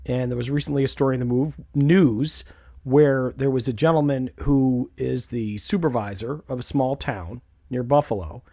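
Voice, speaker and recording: Gravelly-voiced man hosting a podcast. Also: medium pitch, moderate pace, mellow. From Western New York. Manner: conversational, storytelling, asks questions. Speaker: podcast host. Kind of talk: podcast discussion.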